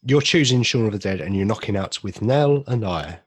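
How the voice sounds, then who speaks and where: A man's voice: fairly low pitch, expressive, fairly quick, slightly rough, no room sound. A man co-hosting a podcast in casual chat, joking, reading film synopses aloud and swearing now and then. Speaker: podcast co-host.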